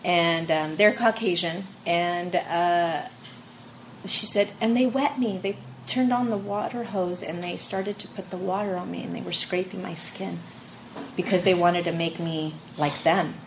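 A young woman telling an emotional personal story in a group discussion, halting and full of fillers. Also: fairly low pitch, steady tone, slight background noise, low-quality recording.

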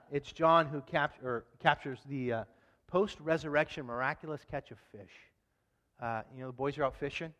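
Guy preaching casual and funny, lots of asides, big echoey sanctuary sound. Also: on the high side. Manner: conversational, humorous, animated asides. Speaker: pastor. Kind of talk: sermon. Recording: long hall reverb.

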